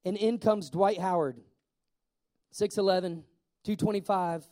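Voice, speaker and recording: A man preaching a sermon in a lively way, asking the congregation questions and slowing down to stress key words. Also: high-pitched. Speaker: pastor.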